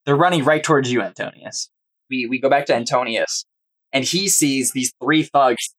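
Man, game master, casual stumbling narration, mid-pitched voice. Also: normal speed, fairly bright tone, poor audio.

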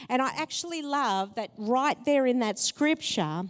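Animated woman preaching in a reverberant hall. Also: a little slow, few pauses. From Italian heritage. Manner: lively storytelling, rises in pitch when excited. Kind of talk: sermon with personal stories.

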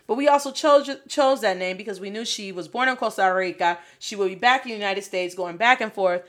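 A woman's voice: medium pitch, a little fast. A woman coaching learners in a casual video lesson, encouraging and dropping Spanish phrases into her English.

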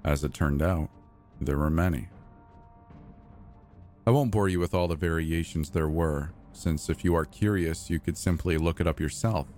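A man with a very low, deep voice narrates a horror story in the first person. His delivery is measured and deliberate, and soft music plays faintly underneath.

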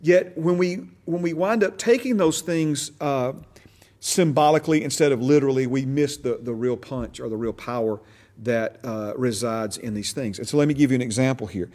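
A man's voice: mid-range voice, moderate pace, darkish tone. A man teaching a Bible class in a conversational way, repeating phrases for emphasis and checking that his listeners follow him.

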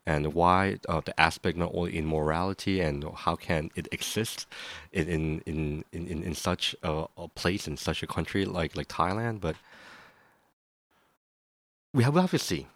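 A man co-hosting a podcast, speaking in a measured, thoughtful way that sometimes stumbles over repeated words. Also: low voice, fairly bright tone, no room sound. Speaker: podcast co-host. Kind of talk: casual podcast chat.

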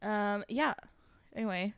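A woman's voice: medium pitch, measured pace, clear, resonant tone. A young woman from Colorado co-hosting a podcast in casual, chatty talk, laughing and swearing freely. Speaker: podcast co-host. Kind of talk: casual chat.

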